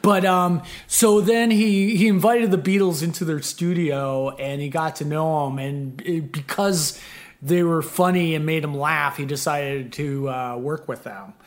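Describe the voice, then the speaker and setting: A man hosting a podcast in casual, rambling chat, animated and quick to laugh. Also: on the high side. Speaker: podcast host.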